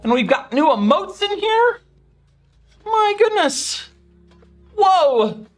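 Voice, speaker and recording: A woman's voice: very high voice, sing-song, slow, faint music behind. A woman chatting casually on a live stream, gushing thanks to viewers and coaxing her dog.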